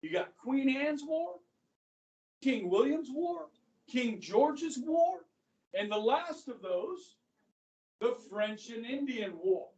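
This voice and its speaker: A man's voice: very high-pitched, muffled recording. A middle-aged man teaching history to a class, chatty, who keeps checking in with "okay?". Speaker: high school history teacher. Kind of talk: classroom lecture. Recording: echoey classroom from far off.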